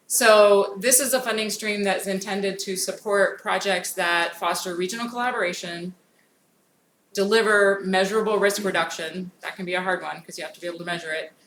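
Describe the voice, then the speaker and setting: A woman gives a conference talk in a hall that adds a clear echo to her voice. Her pitch is mid-range, and a faint hiss sits under the sound. She speaks informally and briskly, often saying "um". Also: fairly bright tone. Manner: informal, frequent "um" fillers, brisk. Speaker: federal grants program speaker. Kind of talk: conference presentation. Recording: echoey room with faint noise.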